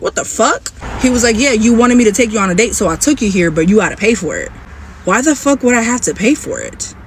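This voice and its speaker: A young woman telling a story in a casual, animated way, swearing and sassy. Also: on the high side, low-quality recording.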